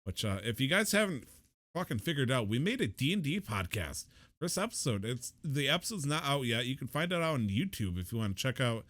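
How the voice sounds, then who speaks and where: A man's voice: medium pitch, sing-song, fairly quick, a bit bright, no room sound. Guy co-hosting a podcast, jokey and rambly, swears a lot, dry mic. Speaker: podcast co-host. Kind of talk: casual podcast chat.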